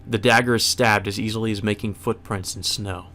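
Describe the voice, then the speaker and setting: Low-voiced man reading a visual novel. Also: fairly even intonation, brisk, sharp tone. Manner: plain narration with sudden swearing asides. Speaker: let's play host.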